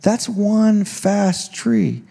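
A man's voice: high-pitched, extremely slow, creaky, warm tone. A man preaching a sermon as pastor, telling the story in a casual, joking way. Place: church stage.

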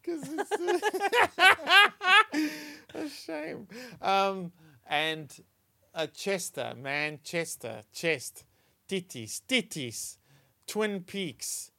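Comedy podcast co-host, male, higher voice, very animated delivery, dry close sound. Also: extremely slow, vocal fry, pauses often, dry recording. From South Africa. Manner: giggly, animated joke-telling. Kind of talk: comedic casual chat.

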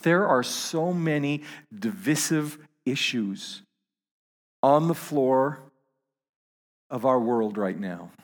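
Slow, halting male preacher. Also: medium pitch, animated, long reverb tail. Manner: halting, repeats words, rises to emphatic peaks. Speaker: pastor. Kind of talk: sermon.

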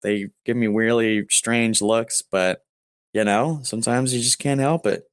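A young man co-hosting a podcast, joking in a deadpan, absurd way during casual chat. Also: medium pitch, unhurried, clear, resonant tone, no room sound. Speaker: podcast co-host.

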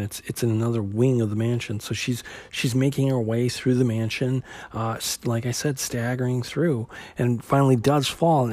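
A man's voice: medium pitch, a little mellow, dry recording. Man recapping a comic on a podcast. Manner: conversational, with many fillers and restarts. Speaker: podcast host.

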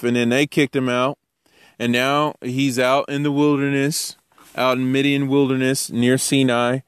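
Male preacher, informal and animated, dry close mic. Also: mid-range voice, normal speed, clear, resonant tone, no echo. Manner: animated, jokey, acts out voices. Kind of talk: informal sermon.

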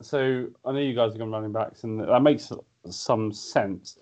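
A tipsy man co-hosting a podcast, easygoing and quick to laugh. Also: on the low side, darkish tone. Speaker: podcast co-host. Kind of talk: casual sports chat.

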